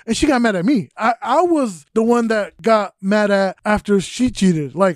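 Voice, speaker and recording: A young man with a fairly high voice hosts a casual podcast, rambling candidly through personal stories. The sound is dry and close, with no room around it. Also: expressive, normal speed, hardly any pauses, dry recording. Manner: candid, rambling storytelling with frequent fillers. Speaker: podcast host.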